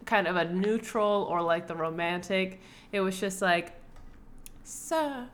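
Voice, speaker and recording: A woman's voice: on the low side, fairly even intonation, moderate pace. A young woman co-hosting a podcast in casual chat, rambling with lots of filler words and casual swearing. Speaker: podcast co-host.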